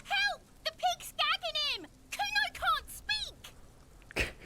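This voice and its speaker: A mean little street girl jeers and shrieks, very high and wildly swooping. She mocks in a video game scene. Loud background noise sits under the game audio. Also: lively intonation, drawn-out words, exaggerated voice. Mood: shrieking. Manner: shrill, mocking.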